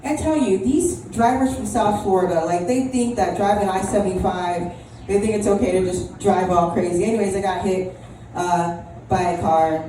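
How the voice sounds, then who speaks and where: A young comedian with a dark-toned, mid-range voice and moderate pace works an open mic at a small comedy club. She rambles and mocks herself, with frequent ums and restarts. The room is echoey, the mic distant, and room noise is audible.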